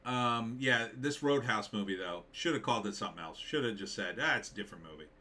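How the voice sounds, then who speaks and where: A man's voice: fairly low pitch, expressive, fast talker, pushed and bright. A man hosting a live stream, reading viewer comments aloud and answering them with blunt, dismissive opinions and many fillers.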